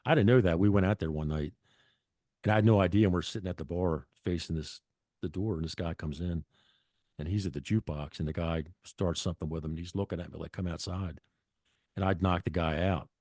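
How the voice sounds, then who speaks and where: Middle-aged male guest, low voice, dry close sound, blunt and profane storyteller. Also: fast, darkish tone, no room sound. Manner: blunt, profane, rambling with restarts. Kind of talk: casual storytelling.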